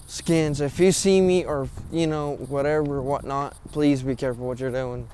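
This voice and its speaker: Alone in a graveyard after dark, this young paranormal vlogger chats casually to his camera. His mid-range, mellow voice keeps a steady tone at a moderate pace, yet he's nervous, rambling, breathless and frequently swearing. There's slight background noise.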